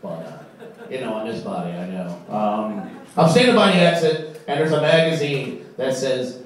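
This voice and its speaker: A man doing a stand-up comedy set on a club stage, deadpan and halting, with many fillers. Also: medium pitch. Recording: echoey room, far from the mic, faint crowd noise.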